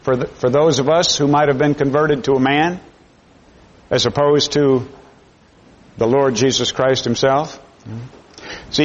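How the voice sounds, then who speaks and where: A man preaching a sermon to his congregation, emphatic, often repeating words as he builds each point. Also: mid-range voice. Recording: dull lo-fi sermon recording.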